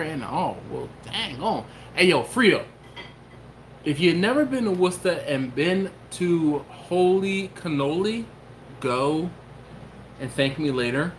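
A man's voice: fairly high pitch, fairly bright tone. A man with a somewhat raised voice hosts a casual live stream from his kitchen. He reads viewer comments aloud and jokes back at them in a loose, conversational way. A faint hum of noise sits under the voice. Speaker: host. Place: home kitchen.

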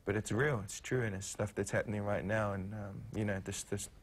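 Low, flat-voiced New Zealand man. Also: breathy edge. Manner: halting, many ums and restarts. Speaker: actor guest. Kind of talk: TV morning show interview. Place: TV studio.

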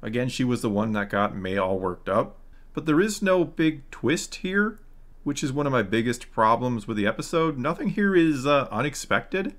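A man's voice: medium pitch, lively intonation, normal speed, fairly bright tone. A man recapping and critiquing a TV episode in a casual, sarcastic, frustrated way. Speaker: YouTube reviewer.

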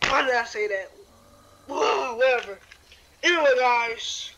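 Man, very high voice, slow drawn-out delivery, excitable gameplay commentary, game music behind. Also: gravelly, noisy background. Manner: excitable, rambling, yelps and shouts at the game. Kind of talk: casual let's-play commentary.

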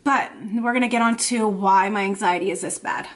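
A woman in her thirties, a mother talking to camera in an emotional personal vlog, anxious and tearful, halting and repeating herself with many fillers. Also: mid-range voice, fairly bright tone. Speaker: vlogger and mother.

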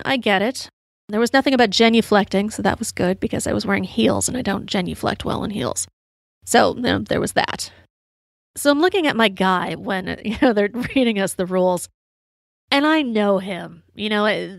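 A woman with a drawl hosts her own show and tells a rambling story full of "you know" fillers. She sounds a little tipsy from her drink. Her voice sits at a middling pitch and is recorded dry and close, with no room sound. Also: creaky, dry recording. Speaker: podcast host. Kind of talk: casual storytelling monologue.

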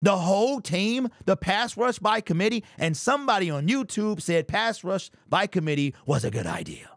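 A man's voice: sits high, expressive, moderate pace, dry recording, clean studio sound. A man hosting a fan commentary channel, talking in an amped, emphatic way and repeating his points. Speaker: sports channel host.

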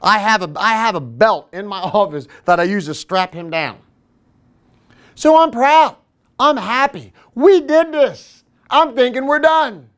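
A man's voice: sits high, unhurried. A fitness trainer and podcast host telling a casual, self-deprecating story, acting out the other people's voices as he goes. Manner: animated, self-deprecating, acts out quoted voices.

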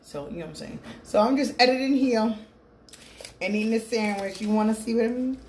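Filming a mukbang vlog in a room at home, a middle-aged woman chats loosely with her audience, whom she calls "people." Her voice is fairly high, a little fast, and darkish in tone. The phone and small clip-on mic pick up room echo and a faint hum.

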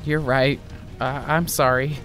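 A man's voice: mid-range voice, level tone, measured pace, a bit bright, soft background music, lightly acted. A man voicing the timid, guilty teenage son of a villain who hesitates and stammers.

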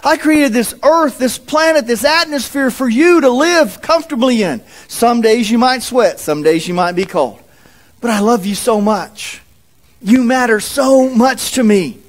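A man's voice: extremely high pitch, expressive, unhurried, full character voice. A man voicing God as a loving, patient fatherly creator who speaks in an earnest, reassuring way.

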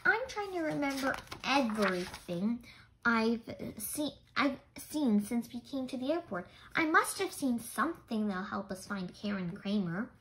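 A woman's voice: fairly high pitch, sing-song, unhurried, a bit bright, poor audio. A woman reading aloud, voicing a clever, observant young girl detective in a children's storybook. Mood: thoughtful.

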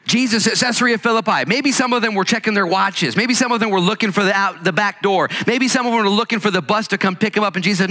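A man preaching a sermon as pastor to a church congregation, energetic and conversational, acting out quotes as he goes. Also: high voice, quick pace, hardly any pauses. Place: church sanctuary. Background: congregation present.

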